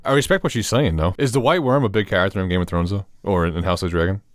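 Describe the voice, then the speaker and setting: Deep-voiced joking man on a podcast. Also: fast, no echo, studio quality. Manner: joking, blunt. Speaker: podcast co-host. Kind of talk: casual TV review discussion.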